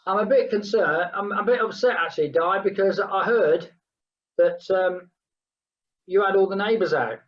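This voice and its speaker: A woman coaches a group workout in a medium-pitched voice, counting down each set and chatting along the way. The sound is dull and lo-fi, like call audio. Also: normal speed. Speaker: fitness instructor. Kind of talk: leading a group exercise class.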